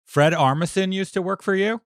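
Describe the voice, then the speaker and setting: A man hosting an interview, asking relaxed, easygoing questions. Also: sits high, brisk, no echo, clean studio sound. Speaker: interviewer, host.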